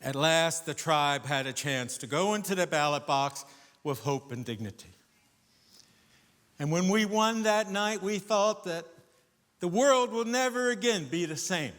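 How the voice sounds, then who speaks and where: An older man performing a solo stage monologue, animated, going from loud emphasis to hushed asides. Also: a little high, a little slow. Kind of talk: theatrical storytelling monologue. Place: theater stage before a live audience. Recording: echoey theater with long reverb.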